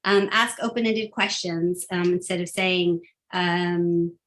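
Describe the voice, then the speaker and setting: A woman's voice: lowish voice, fairly even intonation, takes it slowly, fairly bright tone. A woman giving a casual, upbeat phone-skills training talk, chatty and full of fillers.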